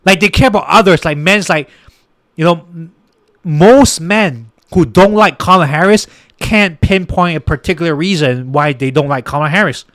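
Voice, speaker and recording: A man's voice: on the high side, normal speed, fairly bright tone, dry recording, clean studio sound. A young man giving casual political commentary on a podcast, exasperated and ranting at his listeners, with many restarts and fillers.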